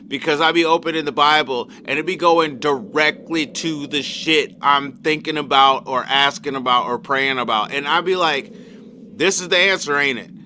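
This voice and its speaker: Animated, high-voiced male streamer. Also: slight background noise. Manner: rambling, animated, swears freely. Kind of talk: casual livestream chat while gaming. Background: video game music.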